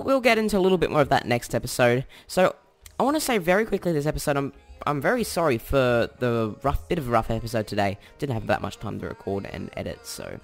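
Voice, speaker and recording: Chatty young Australian man. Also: mid-range voice. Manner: chatty and self-correcting, thinks aloud while typing. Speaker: tutorial host. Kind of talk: casual screen-recorded coding tutorial.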